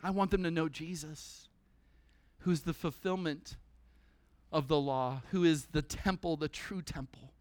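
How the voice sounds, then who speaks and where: A man preaching a sermon at a church service, animated and conversational, breaking into humorous asides. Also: fairly high pitch, measured pace, dry recording.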